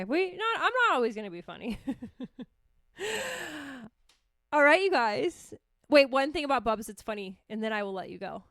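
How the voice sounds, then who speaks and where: A woman's voice: high voice, bright, forceful tone, no room sound, studio quality. A woman hosting a casual solo podcast, telling rambling comic stories and swearing freely. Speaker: podcast host.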